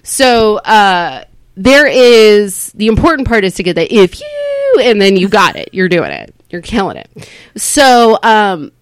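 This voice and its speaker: A woman stand-up comedian from Southern California, a podcast guest rambling through stories in animated, casual interview chat. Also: medium pitch, unhurried, smooth, no room sound.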